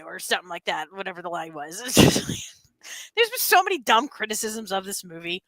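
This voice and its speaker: A woman hosting a casual stream, chatting and ranting excitedly and laughing often. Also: sits high, a little fast, dry recording, low-quality recording. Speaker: streamer host. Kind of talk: casual chat.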